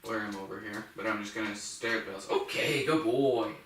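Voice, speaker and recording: A man working as a dog trainer, calmly explaining each step while giving brisk commands to a dog. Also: on the low side. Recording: echoey room, mic at a distance, noisy.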